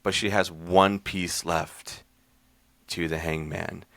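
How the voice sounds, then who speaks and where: Podcast host, male, very low gravelly voice with a bright edge; laid-back, rambling recap style. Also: steady tone, slow pace, dry recording. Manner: rambling, loose, with many fillers and restarts. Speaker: podcast host reviewing horror short films. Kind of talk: casual chat, recapping a short film.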